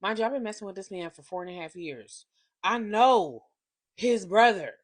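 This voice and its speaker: A woman in her thirties telling a confession story on her vlog, animated and profane, swinging between hushed and loud. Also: medium pitch, moderate pace. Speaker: vlogger.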